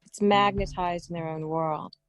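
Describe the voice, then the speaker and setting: A woman's voice: lowish voice, fairly even intonation, moderate pace. A woman with a New York accent, talking earnestly as a podcast guest and telling stories about growing up. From New York area. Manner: earnest, talkative, storytelling. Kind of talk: casual conversation.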